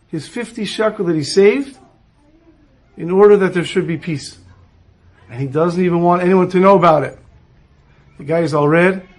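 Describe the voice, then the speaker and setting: A rabbi telling a story to listeners, acting out the dialogue of the people in it. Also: male voice, high voice, husky. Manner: animated storyteller who acts out dialogue. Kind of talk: storytelling talk.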